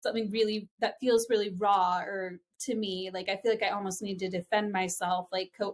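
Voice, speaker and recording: A woman's voice: medium pitch, steady tone, moderate pace, few pauses. A woman hosting a podcast, enthusiastic and affirming, asking long, rambling questions. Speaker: podcast host. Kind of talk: interview conversation.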